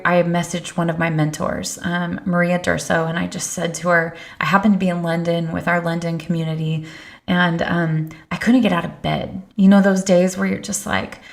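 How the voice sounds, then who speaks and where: Gravelly low-voiced woman, earnest guest. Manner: earnest, reflective storytelling. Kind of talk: candid conversation.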